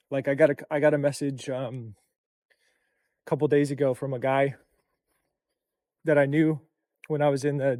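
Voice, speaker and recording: A man's voice: on the high side, a little mellow, no room sound, clean studio sound. A young man talking to camera in a casual vlog, tired, reflective, and full of loose run-on phrases. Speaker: content creator and coach.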